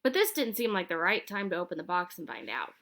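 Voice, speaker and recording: A woman reading a children's chapter book aloud in a lively, expressive storytelling manner. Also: fairly low pitch, fast talker. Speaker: audiobook reader.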